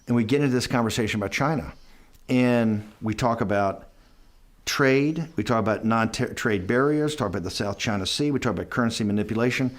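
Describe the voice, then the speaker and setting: A man's voice: mid-range voice, a little fast. A man being interviewed, telling a long anecdote in a rambling way, restarting sentences and quoting others with "I go". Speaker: interview guest. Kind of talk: anecdotal storytelling in a conversation.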